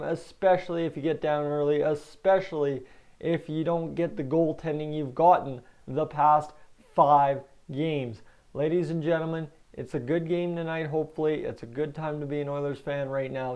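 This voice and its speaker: A man with a Canadian accent hosting a hockey vlog, giving chatty, animated commentary straight to his viewers. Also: a little high, normal speed, muffled recording. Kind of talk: casual sports commentary.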